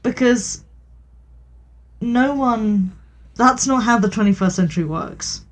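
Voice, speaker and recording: A woman's voice: fairly high pitch, slow pace. A woman co-hosting a casual film podcast, blunt and crude, with a jokey manner.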